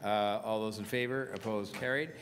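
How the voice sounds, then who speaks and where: Man, meeting chair, lowish voice, halting, procedural, long chamber reverb. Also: fairly even intonation, a bit bright. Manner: halting, procedural, frequent fillers. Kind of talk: chairing a council committee meeting. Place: large council chamber. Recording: long-reverb council chamber with faint noise.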